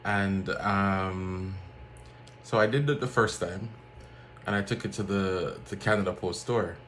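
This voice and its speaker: Low-pitched man, casual storytelling, animated, faint background hiss. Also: measured pace. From Jamaica. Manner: animated, acts out other people's lines in a raised voice. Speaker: vlogger.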